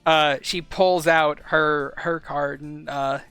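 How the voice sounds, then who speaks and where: A game master narrates scenes in a loose, rambling way, full of fillers. His voice sits a bit high, bright and crisp, recorded dry and close, with faint music behind him. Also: steady tone, slow pace, no echo.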